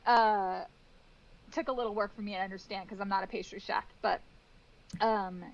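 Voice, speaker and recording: A woman in her thirties, a guest cake decorator in a casual interview, telling lively stories and acting out what people said. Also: medium pitch, moderate pace, muffled recording. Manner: animated storytelling with acted-out quotes and laughs.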